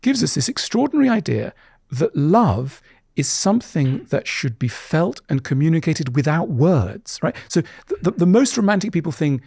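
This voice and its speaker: Lively, husky man explaining ideas. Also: normal speed, dry recording, studio quality. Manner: animated, acts out little quoted scenes with leaps in pitch; frequent restarts and stumbles. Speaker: podcast guest. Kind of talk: conversational explanation. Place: podcast studio.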